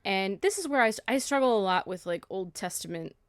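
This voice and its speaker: A woman's voice: medium pitch, lively intonation, a little fast, clean tone, dry recording, clean studio sound. A woman co-hosting a faith podcast who reads scripture aloud and retells it in casual slang. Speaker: podcast co-host. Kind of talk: casual chat retelling a Bible story.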